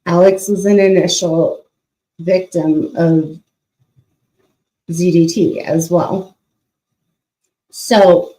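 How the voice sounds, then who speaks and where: Slow, mellow-voiced woman telling her story. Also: deep voice, low-quality recording. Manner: slow, halting, with many fillers. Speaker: YouTube channel host. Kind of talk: casual personal storytelling.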